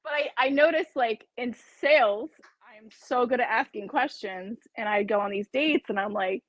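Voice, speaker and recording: Chatty woman, higher voice, dry sound. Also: lively intonation, brisk, no echo, lo-fi sound. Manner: chatty, laughs often, acts out her own dialogue. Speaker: interview guest. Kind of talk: casual interview chat.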